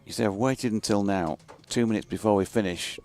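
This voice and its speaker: Low-voiced man with dry humour. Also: a little fast, darkish tone. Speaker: radio cricket commentator. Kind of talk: casual commentary-box banter.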